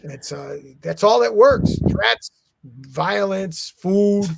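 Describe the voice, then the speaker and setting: A middle-aged man telling stories in a casual chat, animated and profane, acting out quotes. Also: sits high, takes it slowly, vocal fry, dry recording, clean studio sound. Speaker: guest, comic artist and art agent.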